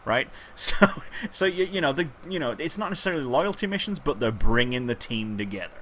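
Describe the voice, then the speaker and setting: Male co-host, bright lively voice, animated casual film chat. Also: medium pitch, brisk, slight background noise. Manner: animated, retells scenes with laughing bursts. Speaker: podcast co-host.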